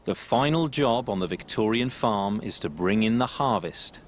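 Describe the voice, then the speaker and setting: A man reading a scripted documentary voice-over in a measured way. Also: on the low side, lively intonation, slight background noise. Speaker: documentary narrator. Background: background music.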